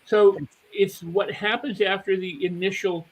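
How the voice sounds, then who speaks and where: An older man speaking as a mindset coach on a panel, animated and acting out the inner voices of his listeners. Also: sits high, measured pace, poor audio. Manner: animated, acts out inner voices, repeats words. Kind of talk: motivational panel talk.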